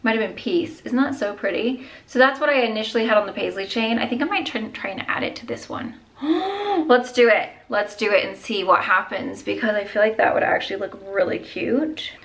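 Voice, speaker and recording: A woman's voice: medium pitch, a little fast, gravelly, a bit bright, poor audio. A young woman vlogging about her jewelry in a gushing, chatty way, with gasps and whispered asides. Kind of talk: casual chat.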